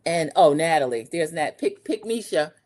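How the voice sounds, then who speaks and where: Here a woman in her 40s, low-voiced and moving at a moderate pace, dishes on a TV episode as a recap show host. Her gossipy, sassy chatter includes lively impressions of cast members.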